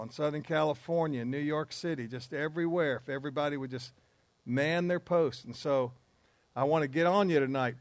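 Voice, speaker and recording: Guy preaching to a men's group, kinda high voice, dry close sound, earnest and emphatic. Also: dry recording.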